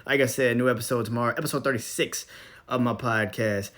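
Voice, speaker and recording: A man's voice: mid-range voice, steady tone, fast talker. Profane young man ranting on a podcast. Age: young adult. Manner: profane, blunt, laughs often, swings between loud and mumbled. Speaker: podcast host. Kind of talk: casual ranting monologue.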